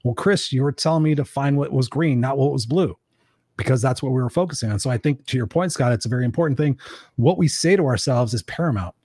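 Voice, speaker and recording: A man talks quickly in a husky voice, heard dry and close with no room sound. He hosts a casual coaching chat and keeps it animated, swearing freely and slipping into quoted voices. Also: mid-range voice, no echo. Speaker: podcast host.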